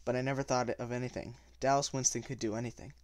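A man's voice: medium pitch, fairly even intonation, fast. A man reading a novel aloud in the first person, often stumbling and correcting himself as he goes. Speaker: reader.

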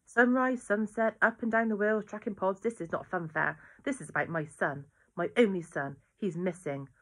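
A woman voicing a distraught middle-aged mother who speaks in loud, indignant outbursts. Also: deep voice, moderate pace, slightly rough. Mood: exasperated.

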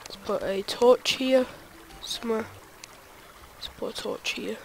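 A young adult gamer giving let's play commentary, excitable and talking to themself while playing. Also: mid-range voice, a little slow, gravelly, a little hiss or hum. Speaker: gaming video creator.

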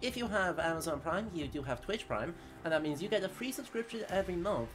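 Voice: medium pitch, lively intonation, fast, fairly bright tone, faint music behind. A live-stream co-host chatting casually, plugging the channel and recapping a game's story in an upbeat way. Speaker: co-host of a history gaming stream.

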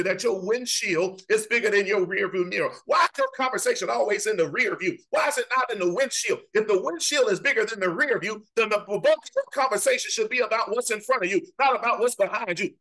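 A man's voice: sits high, animated, quick pace, few pauses, sharp tone, low-quality recording. A man teaching a Bible study in an impassioned, conversational preaching style, repeating phrases and speaking straight to his listeners.

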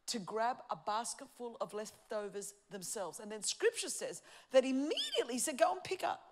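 A woman pastor, preaching passionately and shifting between shouting and quiet emphasis. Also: on the high side. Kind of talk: sermon.

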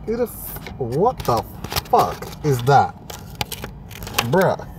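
A man's voice: medium pitch, huge pitch swings, drawn-out words. A man with an English accent ranting and swearing in disbelief at a cash machine in a town square, laughing at it. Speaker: vlogger. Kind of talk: exasperated vlog rant. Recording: street noise behind phone recording.

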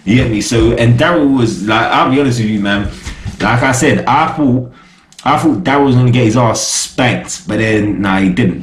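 A young man talks through a TV episode in loose street slang, tossing "you get me?" at the listener again and again. His voice sits at an ordinary middle pitch. The room around him is bare and echoey. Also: normal speed, slight background noise. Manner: slangy, animated, keeps asking "you get me?". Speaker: TV show reviewer. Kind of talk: casual review chat.

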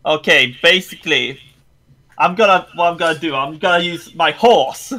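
A man playing a tabletop game, stumbling quickly through rules talk. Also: fairly high pitch, pushed and bright. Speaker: player. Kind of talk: casual chat.

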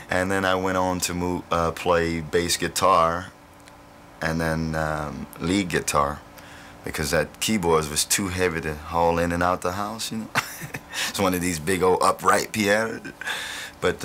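Deep-voiced bright man telling stories. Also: a little hiss or hum. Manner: rambling, laughing anecdotes. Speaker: blues musician interviewed. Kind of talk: relaxed storytelling interview.

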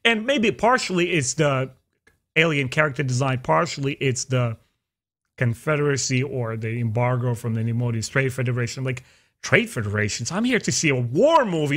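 A man hosting a podcast, chatting casually and opinionatedly, his pitch jumping up for emphasis. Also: normal speed. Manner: opinionated, animated, jumps into high pitch for emphasis. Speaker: podcast host. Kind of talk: casual chat.

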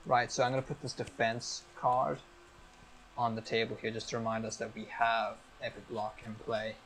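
A man's voice: mid-range voice, flat delivery, fairly bright tone, a little hiss or hum, poor audio. Man explaining game rules step by step. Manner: explains each rule step by step, brisk and upbeat. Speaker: game master. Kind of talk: explaining a tabletop game on a live stream.

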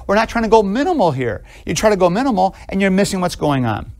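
A man lectures on theology in a classroom, his voice pitched a little high. He talks in a lively, conversational way, putting questions to his students and acting out small everyday scenes. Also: fast. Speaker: theology professor.

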